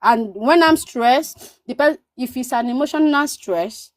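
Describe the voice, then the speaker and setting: A Nigerian-born woman tells stories in a lively, animated way, often repeating words for emphasis and acting out what others said. Her voice sits a little high, and the recording is dry and close, with no room echo. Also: unhurried. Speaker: guest. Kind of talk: casual storytelling chat.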